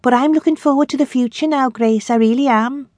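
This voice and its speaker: A woman's voice: high-pitched, brisk, a little mellow, dry recording, voice pushed up. A woman reading an audiobook, voicing an earnest, hopeful young woman in a raised, eager voice.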